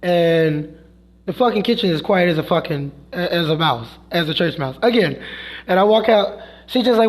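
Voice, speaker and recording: A man with a notably high-pitched voice rants to his stream in a frustrated, heated way. He swears constantly and retells an argument by slipping into quoted voices for himself and others. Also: fairly quick. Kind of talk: heated storytelling rant.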